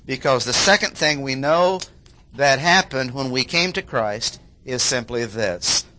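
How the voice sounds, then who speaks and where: A man preaching an expository sermon, repeating key phrases for emphasis and often clearing his throat. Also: mid-range voice, bright, forceful tone.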